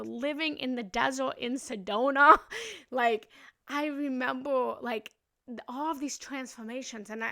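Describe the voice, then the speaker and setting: A woman's voice: on the high side, bright, forceful tone. A young woman hosting a live meditation session, talking in a casual, emotional and gushing way and laughing often. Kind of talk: casual live-stream chat.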